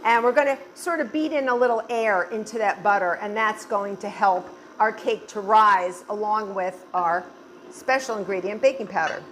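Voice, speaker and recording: A chatty, enthusiastic woman in middle age walks viewers through a cake recipe in her kitchen. She talks in an easy, gushing way, with a voice of ordinary pitch for a woman. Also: moderate pace, a bit bright, slight background noise. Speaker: baking instructor. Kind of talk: home baking tutorial.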